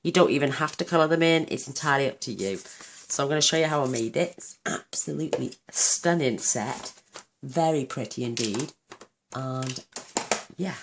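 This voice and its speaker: A woman hosting a card-making tutorial, chatting enthusiastically while she works, her voice a little croaky. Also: extremely low pitch, a little hiss or hum. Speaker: craft channel host.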